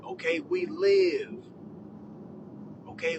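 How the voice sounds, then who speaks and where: Man, very high voice, profane comic ranter who swings from shouts to mutters, faint vehicle hum behind. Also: moderate pace, muffled recording. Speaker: social media commentator. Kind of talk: profane comedic rant to camera.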